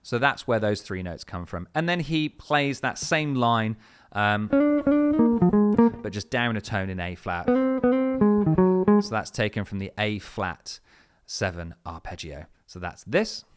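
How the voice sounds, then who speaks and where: A man's voice: lowish voice, sing-song, slow, pauses often. A man teaching guitar step by step, in a patient, explanatory way with frequent fillers. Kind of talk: step-by-step music lesson. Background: his own guitar playing between phrases.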